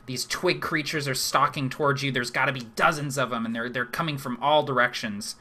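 A young man with a bright, forceful voice narrates a tabletop fantasy game as its game master. His telling is vivid but halting, full of fillers and repeated words. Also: medium pitch, fairly even intonation. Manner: descriptive, hesitant with fillers and repeats.

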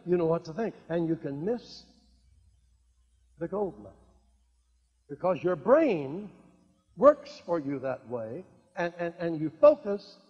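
An older man preaching a sermon, swinging between quiet asides and loud emphatic declarations and repeating key lines. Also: high-pitched, husky. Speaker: evangelist. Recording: dull lo-fi recording in a reverberant hall.

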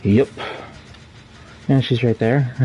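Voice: mid-range voice, level tone, drawn-out words, highs cut off, background noise. A streamer giving live gameplay commentary while playing the killer, teasing the other players. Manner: playful, teasing the players being hunted.

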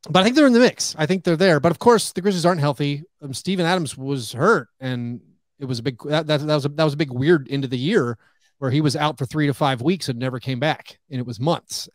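Animated high-voiced man, dry sound. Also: dry recording. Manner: animated, acts out quoted remarks, heavy use of "like". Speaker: podcast guest, team podcaster. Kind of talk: casual podcast chat.

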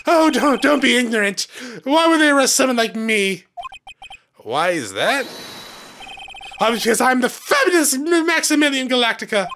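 A man's voice: very high voice, very animated, moderate pace, bright, forceful tone, slight background noise, voice pushed up, heavily acted. A man voicing a vain, flamboyant male circus star who talks in a theatrical, showy way. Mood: smug. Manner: theatrical, drawls sweetie and fabulous.

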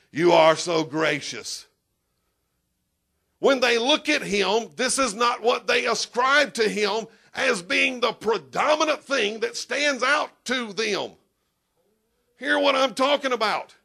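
A man preaching a sermon as pastor in a church, emphatic and animated, breaking into shouts and talking straight to the congregation. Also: very high voice, gravelly.

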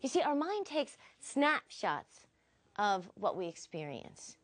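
Speaking slowly in a medium-pitched voice, a woman who teaches philosophy gives a recorded lecture. She's an animated storyteller, relating her stories with expression.

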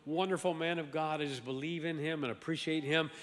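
Man preaching, raised pitch, lively bursts, long hall reverb. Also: fairly quick. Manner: emphatic, swings from loud exclamations to low asides; animated, repeats words and restarts. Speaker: pastor. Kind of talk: sermon. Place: large church sanctuary.

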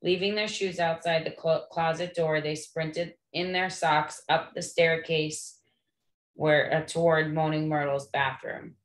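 A woman reading a novel aloud to listeners in a gentle, friendly way. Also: deep voice, steady tone, unhurried. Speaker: read-aloud host. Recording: echoey room.

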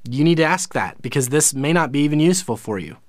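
A man's voice: a little high, animated, fast talker, no room sound. A man teaching a live online music lesson, explaining in a casual way with plenty of fillers and restarts. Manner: casual, explanatory, lots of fillers and self-corrections.

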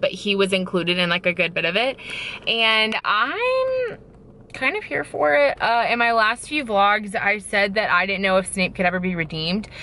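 A young woman in her twenties vlogging about a book she loved, gushing and excitable, with lots of "like". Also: medium pitch, a little hiss or hum. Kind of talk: casual chat.

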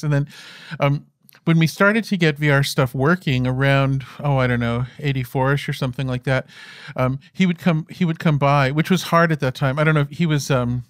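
A man in his fifties answers as a guest, his stories full of restarts, stumbles and fillers. His pitch sits in an average middle range. The recording is dry, with no room echo. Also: moderate pace. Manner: rambling, with many restarts and fillers. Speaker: interview guest. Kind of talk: conversational storytelling on stage.

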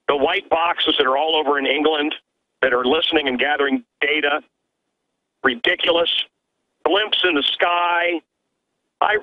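A man who is a radio host calls in as a guest, talking emphatically from his own studio with stammering restarts. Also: a little high. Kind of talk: animated call-in conversation. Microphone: telephone line. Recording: tinny phone line.

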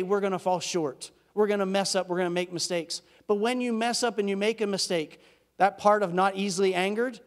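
A man, a pastor, giving an earnest, emphatic sermon that swings from loud peaks to hushed, intimate drops. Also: high voice. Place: church sanctuary. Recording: church hall reverb.

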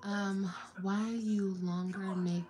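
A woman's voice: mid-range voice, little pitch movement, takes it slowly, dark tone, a little hiss or hum. A young woman vlogger chatting casually on a livestream from home, often slipping into playful, laughing baby talk with her little son.

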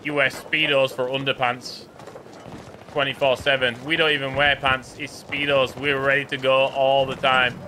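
A man from the UK giving joking, excitable commentary while playing a game, chatting to his teammates. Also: mid-range voice, moderate pace, a little hiss or hum. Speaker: gaming YouTuber. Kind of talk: casual gameplay commentary. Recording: game sounds clearly behind the voice.

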